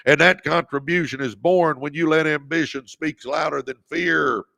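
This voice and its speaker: A man's voice: on the high side, steady tone, normal speed, gravelly. A man past forty, hosting a motivational livestream with a fervent, preacher-like delivery. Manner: preacher-like, fervent, calls viewers baby, shouts encouragement. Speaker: livestream host.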